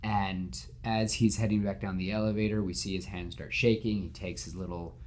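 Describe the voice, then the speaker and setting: A man hosting a podcast, telling a story in casual, animated chat with lots of fillers. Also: deep voice, normal speed, a little hiss or hum. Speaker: podcast host pitching a story.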